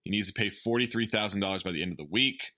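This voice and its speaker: A man's voice: fairly low pitch, quick pace, sharp tone, dry recording, studio quality. A man co-hosting a podcast, casually recapping a film's plot with profanity and laughter. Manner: loose, profane, laughs while summarizing plot. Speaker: podcast co-host recapping a film. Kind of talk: casual chat.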